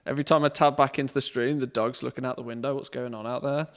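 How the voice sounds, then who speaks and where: A man in the middle of a live game stream, talking half to himself as he works through his to-do list. His voice has a gravelly fry to it, sitting at an ordinary male pitch. The delivery is relaxed and unhurried. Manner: thinks aloud, rambling and relaxed. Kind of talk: casual live-stream commentary.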